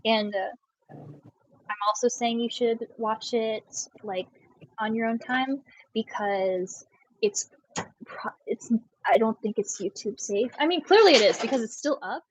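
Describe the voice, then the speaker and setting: A woman's voice: fairly high pitch, unhurried, no room sound. A young woman of Puerto Rican background, a guest on a casual livestream, who rambles and packs her speech with filler words. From Puerto Rico. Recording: dull, dry lo-fi mic.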